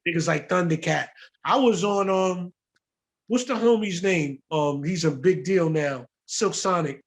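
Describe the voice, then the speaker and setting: High-voiced New man telling stories. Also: unhurried. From the Bronx, New York. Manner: profane, animated, slangy storytelling. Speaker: guest music producer. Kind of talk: casual storytelling interview.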